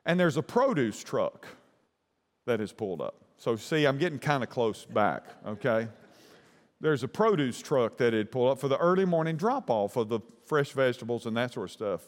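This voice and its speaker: A man's voice: medium pitch, animated, normal speed, long reverb tail. A man preaching a sermon, telling a long anecdote in a folksy, rambling way. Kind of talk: sermon storytelling.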